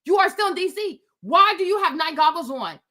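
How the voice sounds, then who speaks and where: A woman's voice: extremely high pitch, lively intonation, fairly quick, sharp tone. A woman vlogger ranting in casual talk, exasperated and emphatic, repeating her points. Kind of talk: casual rant to camera.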